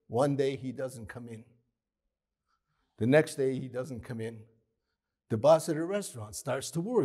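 A husky-voiced man tells a joke with animation, shouting out the characters' lines. His pitch sits in the middle range. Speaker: joke teller. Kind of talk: telling a joke.

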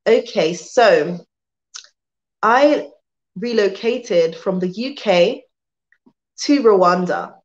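A woman's voice: mid-range voice, expressive, drawn-out words, long pauses. A woman with a British accent chatting casually on a live stream, answering viewer comments, rambling with many restarts and sounding worn out. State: tired, worn out. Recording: dull lo-fi sound.

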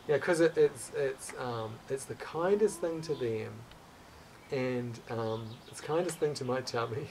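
A man's voice: mid-range voice, unhurried, darkish tone, far from the mic, a little hiss or hum, rough recording. A man telling a personal story as a guest in a conversation. He speaks earnestly and with open emotion, stumbling, restarting and repeating words as he goes.

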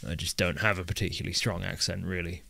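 A man's voice: low voice, flat delivery, quick pace, gravelly, bright, forceful tone. A man with a light Northern English accent, chatting casually while live-streaming a colony game and reading chat aloud. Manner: chatty, reads chat aloud, swears at characters.

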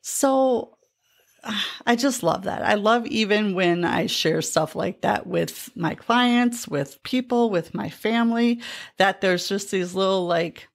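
A woman's voice: medium pitch, slow pace, vocal fry. A middle-aged woman coach chatting casually on a podcast, retelling conversations with lots of fillers. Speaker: life coach.

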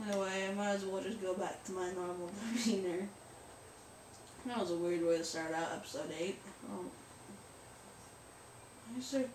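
A woman hosting a let's play, rambling and joking at her own expense in casual gameplay commentary. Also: medium pitch. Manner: rambling, jokey and self-mocking. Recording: roomy echo, distant mic, faint noise.

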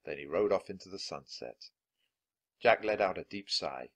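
A man reading a children's chapter book aloud, with clear, expressive narration. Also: sits low, normal speed. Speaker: storybook reader.

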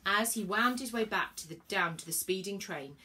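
A woman's voice: mid-range voice, moderate pace, sharp tone. A woman reading a children's novel aloud, telling the story expressively. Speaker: reader. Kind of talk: children's book read-aloud.

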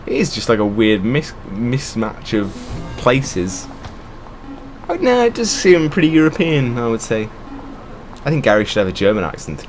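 A man's voice: medium pitch, very animated, normal speed, soft background music. Sarcastic man ranting over a game. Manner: sarcastic, ranting, swears a lot, often laughing. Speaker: gamer. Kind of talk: game commentary.

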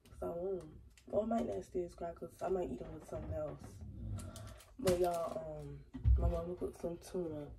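A woman's voice: fairly low pitch, fairly even intonation, normal speed, far from the mic, noisy background. A young woman with a cold chatting casually to her viewers from her home kitchen, talking straight to camera and cursing freely. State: has a cold, sniffling. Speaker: vlogger.

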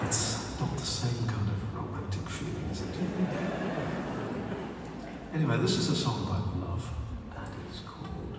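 A man's voice: fairly low pitch, very noisy. A male singer chatting to a live audience between songs in a rambling, joking way. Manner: joking, rambling chat with pauses. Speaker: singer on stage. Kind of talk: live concert stage banter. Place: large concert hall. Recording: echoey concert hall, distant mic, loud music.

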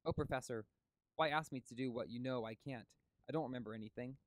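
A man's voice: mid-range voice, quick pace, dry recording, close to an everyday voice. A man reading as an entranced young woman. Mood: puzzled. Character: young woman in a trance, dreamy and hushed.

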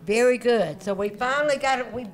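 A woman's voice: on the high side, brisk. Upbeat woman hosting a party. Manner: upbeat, chatty. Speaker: event host.

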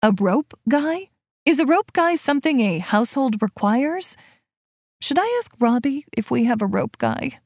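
An excitable, squeamish young woman novelist, as a female narrator puts her on, her voice jumping high into squeals. She sounds dramatic and quick to shriek, heard in a close, dry audiobook recording. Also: no room sound, heavily acted. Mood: squeamish, excited.

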